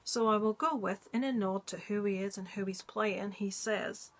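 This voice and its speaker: A woman's voice: mid-range voice, fairly even intonation, normal speed, few pauses. A woman movie vlogger in casual chat, talking in a rambling way with many ums and asides.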